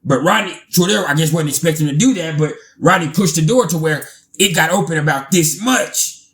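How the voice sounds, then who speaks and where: A man, telling a casual storytime, animated, laughing often and swearing freely. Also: on the high side, fairly quick.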